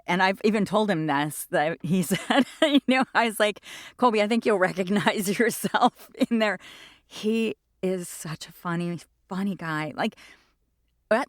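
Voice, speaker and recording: A woman in her fifties, a stage actor chatting in an interview, rambles through her stories in a lively way. Her voice sits a little low. The sound is dry, with no room echo. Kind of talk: casual interview chat.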